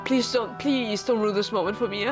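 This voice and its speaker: A woman's voice: medium pitch, moderate pace, music in the background. A woman streaming a blind visual novel playthrough, emotional and tearful, swearing often as she talks to her viewers.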